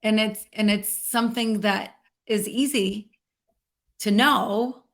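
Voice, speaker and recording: A woman interview guest talking in an earnest, reflective way, slowing down to stress key words. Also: mid-range voice, fairly even intonation. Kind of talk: heartfelt interview conversation.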